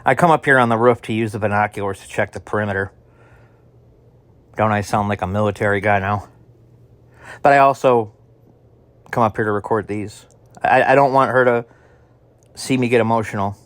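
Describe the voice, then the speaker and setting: A self-doubting survivor, voiced by a man speaks into a tape diary in an audio drama. He talks haltingly, stumbling and restarting often. His voice sits somewhat low. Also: no room sound, close to an everyday voice. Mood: wistful. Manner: halting, with many restarts and fillers.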